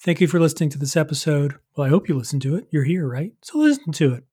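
A man hosting a comedy quiz podcast, playful and animated, joking as he introduces his guests. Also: fairly high pitch, quick pace, breathy edge. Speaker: quizmaster host.

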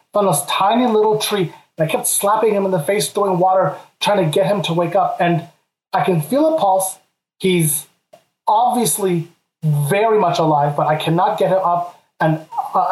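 A man's voice: high voice, normal speed. A man in his thirties telling a comic personal story, laughing as he goes. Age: 30s. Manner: lively, laughs through his own story. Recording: roomy echo.

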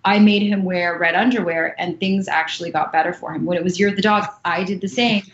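A woman's voice: on the low side, steady tone, a little fast, slight background noise. A woman chatting casually on a podcast, earnest and full of fillers. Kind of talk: casual chat. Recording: echoey, dull lo-fi sound.

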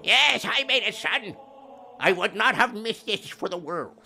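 A man voicing the proud older father of the groom, who speaks slowly and formally. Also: sits high, expressive, bright, forceful tone, a little hiss or hum, pitched above the performer's own voice, full character voice. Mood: proud, fond. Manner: slow, formal and deliberate.

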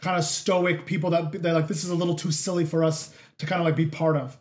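A man from Canada, hosting a podcast and telling stories in a rambling, animated way with plenty of fillers. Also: on the high side, fast talker. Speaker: podcast host. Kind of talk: casual chat.

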